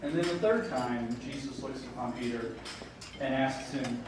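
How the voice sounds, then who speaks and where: A man's voice: mid-range voice, moderate pace, background noise. A man, a school board member, gives an informal gala speech from a podium, talking casually with ums and self-deprecating jokes. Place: large banquet hall at a dinner gala. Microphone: podium microphone heard from a distance. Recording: very echoey hall, far from the mic, dishes clinking. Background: clatter of cutlery and dishes.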